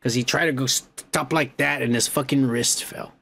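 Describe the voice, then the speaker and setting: A man's voice: medium pitch, steady tone, moderate pace, vocal fry, fairly bright tone, slight background noise. A man hosting a comedy podcast, ranting indignantly and swearing constantly. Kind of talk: profane comedic rant.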